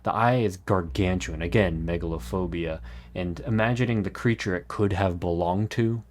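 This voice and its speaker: A man narrating a scripted video essay in an earnest, measured way with dramatic pauses. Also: deep voice. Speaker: YouTube narrator.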